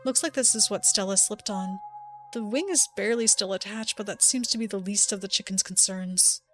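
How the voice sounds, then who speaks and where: A woman's voice: mid-range voice, brisk, fairly bright tone, soft background music. A woman streamer playing a story game, reading its text aloud with playful asides. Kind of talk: let's-play narration reading a visual novel aloud.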